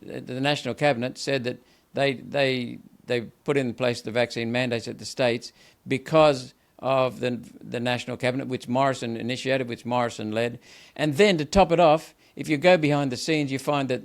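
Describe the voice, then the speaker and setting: This older Australian man speaks in a rough, gravelly voice. He pushes his arguments with heavy emphasis, stumbles into repeated words, and keeps going without a break. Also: medium pitch, steady tone, moderate pace, hardly any pauses. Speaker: senator, guest. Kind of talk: impassioned political interview.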